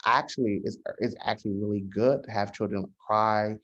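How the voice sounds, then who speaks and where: A man, a social worker, talking in a casual podcast conversation, measured and often restarting his sentences. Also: fairly low pitch, steady tone. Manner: measured, frequent restarts and hesitations. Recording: dull lo-fi sound.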